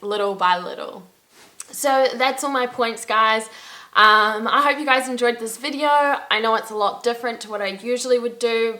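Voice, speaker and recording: A woman's voice: mid-range voice, pushed and bright. A young woman chatting casually to camera for her travel vlog. She is upbeat and fills her talk with "like". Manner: chatty, peppered with "like"; upbeat, laughs at her own stories. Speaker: travel vlogger.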